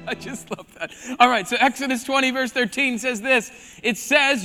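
A man from South Dakota preaching a lively sermon, his high voice ringing bright and sharp. He drops to a hush to press a point, then surges loud again. A long hall reverb trails each phrase. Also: moderate pace, faint music behind. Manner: animated preaching, swinging from hushed emphasis to loud bursts. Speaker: pastor. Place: church hall.

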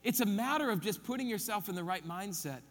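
Brief: male pastor, high voice, emphatic sermon delivery, long hall reverb. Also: lively intonation, fairly quick. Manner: emphatic, repeats key points, counts them off.

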